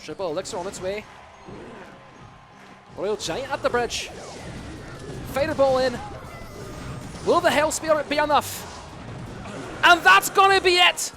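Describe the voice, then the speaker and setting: A boisterous Scottish caster roars through a live video game match, as a man puts on the accent. His voice sits high and ringing, all exclamations and quick calls. Music plays under him throughout. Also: animated, exaggerated voice. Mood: excited. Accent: Scottish, put on. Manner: loud, exclaiming play-by-play. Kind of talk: live esports commentary.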